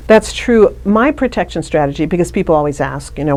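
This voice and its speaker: A woman's voice: fairly low pitch, animated, a little fast, a little mellow. A middle-aged woman, an interview guest, telling a personal story in a chatty way with frequent restarts. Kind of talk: casual interview conversation.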